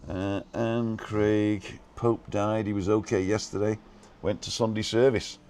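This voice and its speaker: A man hosting a casual live stream from a balcony, talking fast and reading out viewers' comments and names. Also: on the low side, little pitch movement, darkish tone, a little hiss or hum. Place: balcony outdoors.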